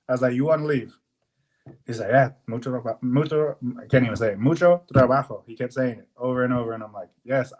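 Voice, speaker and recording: A young man co-hosting a podcast, telling a work story in a casual, animated way, swearing often and acting out what people said. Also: mid-range voice. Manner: animated, profane, swears often, acts out quotes. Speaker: podcast co-host.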